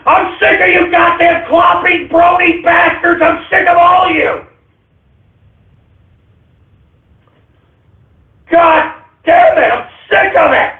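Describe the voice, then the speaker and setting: A man shouting a furious, repetitive rant at the top of his lungs. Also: very high voice, fairly even intonation, unhurried. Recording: echoey far-off phone-like audio.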